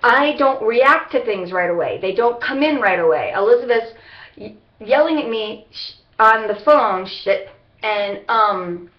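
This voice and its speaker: Woman, rambling vlog talk, halting restarts, slightly high voice, roomy muffled webcam audio. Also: animated. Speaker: vlogger. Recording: roomy, dull lo-fi webcam sound.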